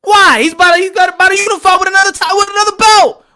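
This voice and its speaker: A man's voice: very high voice, fairly even intonation, racing, pushed and bright, voice pushed up. A man imitating a whiny, sobbing boxing fan, wailing in a melodramatic mock cry. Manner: wailing, melodramatic crying mockery.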